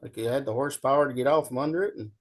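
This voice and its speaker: A man's voice: medium pitch, racing. A middle-aged man telling folksy stories in casual chat as a show guest, acting out the people in them. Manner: folksy, animated storyteller, acts out shouting coach.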